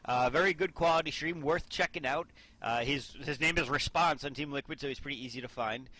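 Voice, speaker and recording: A man's voice: on the high side, brisk, pushed and bright, dry recording. A young man doing casual video game commentary, chatty and rambling with lots of fillers and asides.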